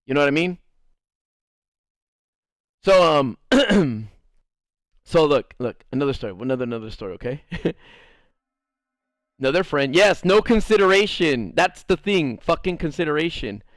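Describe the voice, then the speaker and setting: A young man streaming a game while telling a rambling, profane story in a casual, animated way. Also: a little high, moderate pace, pauses often, no echo, clean studio sound.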